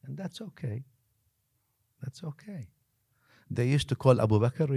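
A man, a religious scholar, telling a story as a podcast guest, lively one moment and dropping to a hushed near-whisper the next, with Arabic phrases woven in. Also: mid-range voice, a little slow, gravelly, pauses often, slightly rough. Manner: mixes Arabic phrases into his talk.

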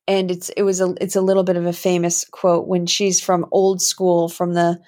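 A woman's voice: on the low side, monotone, moderate pace, mellow. A woman hosting a reflective solo talk as a healing coach, musing in a rambling way with many fillers and restarts. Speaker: podcast host and healing coach.

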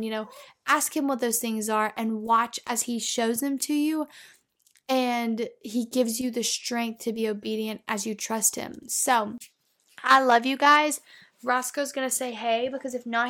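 A woman's voice: fairly high pitch, fairly even intonation, normal speed, fairly bright tone, soft background music. A young woman hosting a Christian devotional podcast in an earnest, encouraging way. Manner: earnest and encouraging, says "y'all". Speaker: podcast host.

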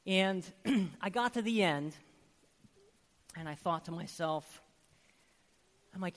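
High-voiced man preaching in a reverberant hall. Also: takes it slowly, long pauses. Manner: earnest, emphatic, with many rhetorical questions. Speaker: pastor. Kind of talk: sermon.

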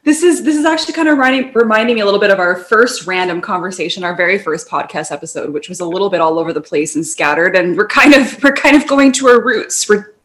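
Woman co-host, casual chat, rambling and giggly, middle-pitched voice. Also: fast, few pauses, fairly bright tone. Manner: rambling, tangents, frequent laughter. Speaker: podcast co-host.

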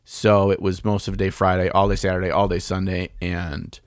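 A man's voice: low-pitched, little pitch movement, brisk, no room sound, studio quality. A man chatting casually on a podcast, telling rambling stories with plenty of swearing and filler words. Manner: rambling, profane, laid-back storyteller. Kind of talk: casual chat.

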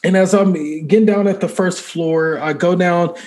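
A man in a casual interview, telling a personal faith story in an animated, conversational way and acting out the dialogue. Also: high voice, normal speed. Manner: conversational filler-heavy speech. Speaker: podcast guest.

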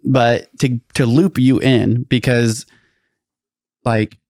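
Gravelly man rambling through a story. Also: medium pitch, steady tone, takes it slowly, a little mellow, dry recording, studio quality. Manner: rambling, filler-heavy, acts out quoted voices. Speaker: podcast co-host. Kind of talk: casual storytelling chat.

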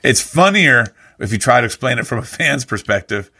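A man's voice: mid-range voice, animated, brisk, bright, forceful tone. A man hosting a casual chat, asking questions and teasing his co-host in a dry way. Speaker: podcast host.

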